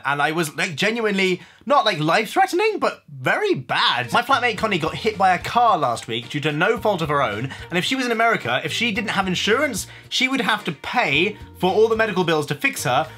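Animated young Englishman, bright and lively. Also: high-pitched, brisk, hardly any pauses, breathy edge, soft background music. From England. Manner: playful and animated, with silly made-up words. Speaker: YouTube vlogger. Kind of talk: comedic talking-to-camera vlog.

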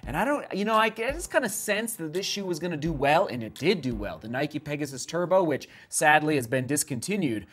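A man's voice: a little high, very animated, a little fast, hardly any pauses, a bit bright, slightly rough. A man reviewing running shoes in an enthusiastic, rambling vlog, often interrupting himself. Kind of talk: excited product review vlog.

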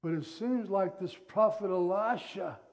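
A male pastor preaching a sermon, telling the story in an animated way and acting out the scenes. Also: high-pitched, measured pace.

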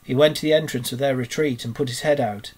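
A man reading a children's book aloud for a school in a steady, measured narration. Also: mid-range voice, breathy edge. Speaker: school storyteller.

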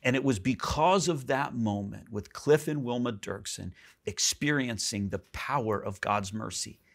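A pastor preaching a sermon in a church, animated, jumping up high for emphasis and dropping soft. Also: male voice, measured pace, vocal fry.

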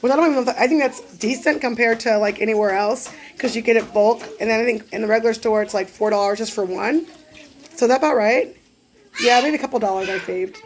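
Woman, high voice, rambling casual vlog chat, faint noise behind. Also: quick pace. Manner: chatty, rambling, loses track. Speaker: vlogger and mother of six. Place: home kitchen at night.

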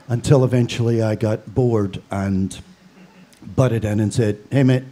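A man's voice: medium pitch, fairly even intonation, measured pace, mellow. A man from Belfast with a Northern Irish accent, giving a eulogy with dry, storytelling humor. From Belfast, Northern Ireland. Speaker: funeral speaker.

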